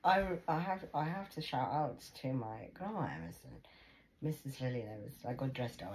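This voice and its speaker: A woman with a notably low voice talks in a loose, rambling monologue. She jumps between stories, drops jokey asides and swears freely, in a chatty, unpolished way. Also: brisk, noisy background. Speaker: vlogger.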